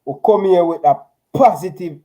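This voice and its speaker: A laid-back man hosting a casual livestream, handing out shout-outs to his viewers. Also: sits high, moderate pace, highs cut off. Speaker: channel host.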